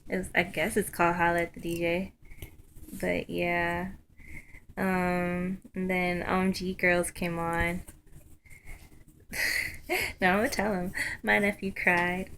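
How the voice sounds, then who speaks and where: A young woman telling a story in a casual vlog, chatty and excited, full of ums and likes. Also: fairly low pitch, takes it slowly, long pauses, a little hiss or hum. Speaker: vlogger.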